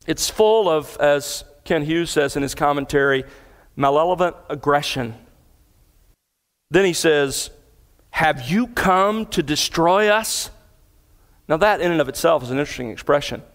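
Male pastor, slightly high voice, earnest expository preaching, long hall reverb. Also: normal speed. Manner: earnest, builds in intensity when retelling. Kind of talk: expository sermon.

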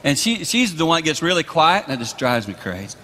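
A man doing a joking back-and-forth routine with his wife, brash with loud bursts. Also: on the high side, very animated, fairly quick. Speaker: Christian speaker doing a couple's comedy routine.

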